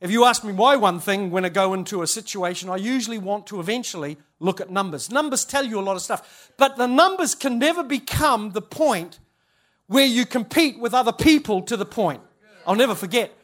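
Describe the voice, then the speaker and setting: High-voiced man telling stories. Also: animated, a little fast, fairly bright tone. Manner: chatty, self-interrupting, laughs at own stories. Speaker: church leader speaking at a conference. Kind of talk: humorous storytelling talk.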